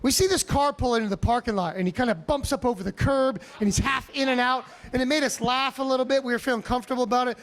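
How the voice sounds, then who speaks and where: A male stand-up comedian telling a story on a comedy club stage, animated, profane and self-mocking. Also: extremely high pitch, quick pace, hardly any pauses.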